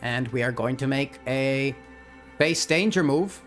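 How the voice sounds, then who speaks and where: Excitable man narrating a solo tabletop game. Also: medium pitch, a little slow, soft background music. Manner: excitable, laughs at dice results.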